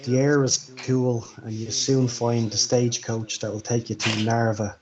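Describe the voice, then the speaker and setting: A man in a mid pitch narrates a tabletop game as game master. He describes scenes haltingly, with restarts. The audio is slightly dull and lo-fi. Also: flat delivery, darkish tone.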